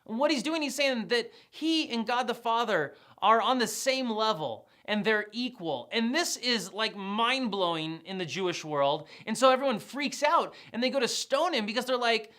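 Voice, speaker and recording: Give me a woman teaching a video Bible lesson with a lively, swooping pitch. She talks casually but leans hard on her key points. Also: moderate pace, few pauses. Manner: animated, emphatic, conversational.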